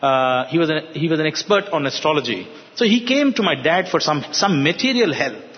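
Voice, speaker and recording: A man from Hyderabad, earnestly telling a personal story to an audience, halting with fillers. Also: on the high side, animated. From Hyderabad, India. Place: hall with an audience. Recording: reverberant hall, dull sound.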